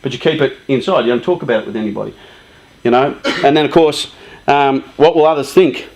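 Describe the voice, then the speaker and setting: This youth charity speaker is a man in his fifties giving a joking, conversational talk to a live youth group and often putting questions to the audience. His voice is medium-pitched, fairly quick and a little mellow.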